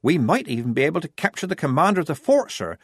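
A man's voice: on the high side, sing-song, quick pace, husky, dry recording, clean studio sound, voice pushed up, full character voice. A man voicing a young woman disguised as a keen boy private, speaking in a raised, eager, dutiful way.

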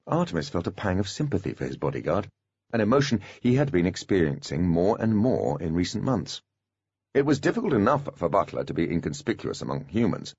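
A man reading an audiobook in an expressive storytelling manner. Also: low voice, normal speed, creaky, husky, dry recording. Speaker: audiobook narrator. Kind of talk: scripted audiobook narration. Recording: dull, dry lo-fi recording.

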